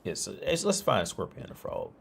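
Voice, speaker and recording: A man's voice: medium pitch, huge pitch swings, brisk, gravelly, fairly bright tone, slight background noise. A man talking on a casual livestream, rambling with many restarts and fillers. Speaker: streamer.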